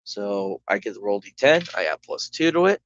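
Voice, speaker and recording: A man's voice: lowish voice, big pitch swings, moderate pace, fairly bright tone. A man running a solo tabletop game, narrating casually with rambling, self-correcting speech. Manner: rambling, full of "like" and restarts. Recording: dull lo-fi recording.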